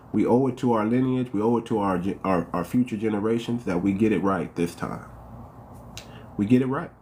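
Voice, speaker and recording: A man's voice: fairly low pitch, a little mellow, a little hiss or hum. A man from the United States hosting a casual livestream, talking straight to his viewers, repeating phrases and firing off one rhetorical question after another. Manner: calls out to viewers by name. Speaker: livestream host.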